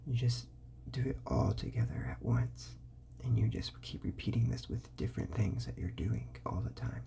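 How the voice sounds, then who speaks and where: A host giving parenting advice in a whispered ASMR talk, sounding out words slowly and softly, with casual fillers and self-corrections. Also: mid-range voice, lively intonation, creaky, slight background noise.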